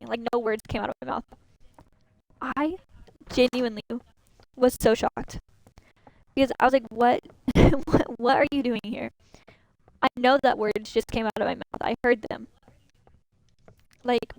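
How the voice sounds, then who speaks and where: A woman's voice: on the high side, no room sound, poor audio. Chatty young woman venting while streaming. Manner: chatty, venting, animated retelling with quoted dialogue. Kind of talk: casual storytelling while gaming on stream.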